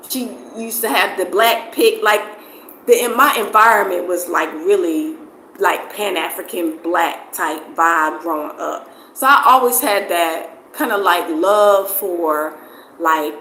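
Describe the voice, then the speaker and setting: A woman's voice: medium pitch, pushed and bright. A middle-aged woman from New Jersey with a New Jersey accent mixed with a Southern US one. She talks loosely in casual conversation as an interviewee, rambling with lots of "like" fillers and repeats. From New Jersey, USA. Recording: roomy echo with faint background noise.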